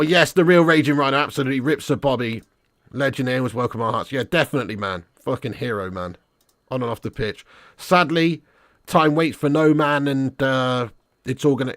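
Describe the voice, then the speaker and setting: A man hosting a live football watch-along, excitable and sweary, reading out fan messages and calling listeners lad and mate. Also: medium pitch, no room sound, studio quality.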